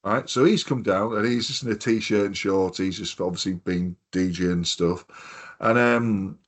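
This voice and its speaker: He's a man in his fifties co-hosting a podcast, with a lowish voice at a moderate pace. In relaxed conversation he rambles through anecdotes, swearing freely and voicing the people in them.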